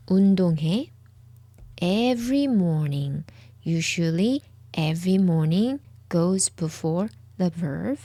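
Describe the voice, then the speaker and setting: In an unhurried lesson, a woman teaching Korean says every word several times over so the viewer can follow. Her voice is fairly low, warm and expressive. It's recorded close to the mic with no echo.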